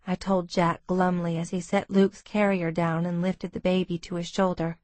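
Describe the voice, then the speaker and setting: A woman reading a romance audiobook in steady, intimate first-person narration. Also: fairly low pitch, moderate pace, hardly any pauses, dry recording.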